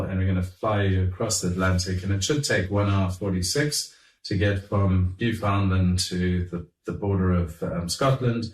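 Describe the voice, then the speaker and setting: A middle-aged man telling anecdotes in an animated, chuckling way, acting out what others said. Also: low-pitched. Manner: animated, chuckling raconteur who acts out quotes. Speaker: guest telling stories. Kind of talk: anecdotal storytelling. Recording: roomy, distant mic.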